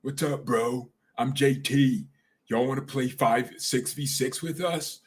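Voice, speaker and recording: An easygoing young footballer with a breezy, friendly manner, as a man puts him on. His voice sits at a middle pitch and his delivery is relaxed and unhurried. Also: far from the mic, natural voice.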